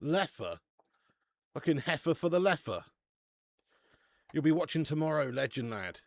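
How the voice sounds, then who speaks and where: A man's voice: a little high, very animated, normal speed, vocal fry, no room sound. A man hosting a casual football watch-along stream, chatting with the live chat and swearing casually.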